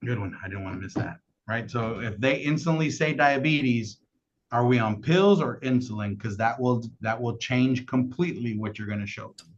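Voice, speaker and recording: Man, mid pitch, energetic trainer on a call, keeps checking in with "right?", dull lo-fi audio. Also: moderate pace. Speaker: insurance sales trainer.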